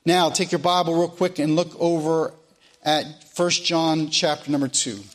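High-voiced folksy preacher man. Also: steady tone, a little slow. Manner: folksy, repeats phrases for emphasis. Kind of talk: sermon.

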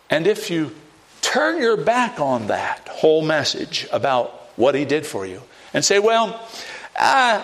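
Pastor, male, lightly raised pitch; emphatic sermon delivery with sharp swings in pitch and volume. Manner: emphatic preaching with wide swings of pitch and loudness; acts out doubters in a mocking higher voice.

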